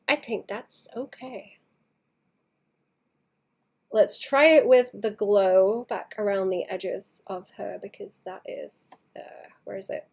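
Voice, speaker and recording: A woman livestreaming her painting, chatting casually and thinking aloud in soft mutters that trail into whispers, second-guessing her work. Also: mid-range voice, creaky, breathy edge. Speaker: artist streaming her painting.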